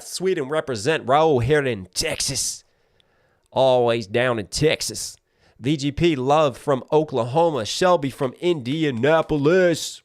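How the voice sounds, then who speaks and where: A man in his thirties from Maryland, hosting a live stream, rattling off viewer shout-outs at speed before closing with a calm, reflective message to his audience. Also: mid-range voice, no echo, studio quality. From Maryland, USA. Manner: rapid roll-call of viewer names, then slower and reflective. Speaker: livestream host.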